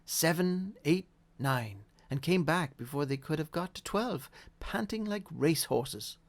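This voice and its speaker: A man reading a classic story aloud in a measured, expressive way. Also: fairly high pitch. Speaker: audiobook reader. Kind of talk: storybook narration.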